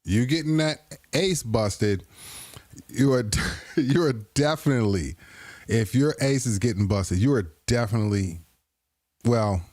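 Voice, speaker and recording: A man's voice: medium pitch, animated, a little slow, pauses often, a little mellow, dry recording. A man hosting a live stream, reacting to clips with crude, playful jokes and frequent laughter. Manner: playful, keeps breaking into laughter; crude joking banter. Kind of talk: casual reaction commentary.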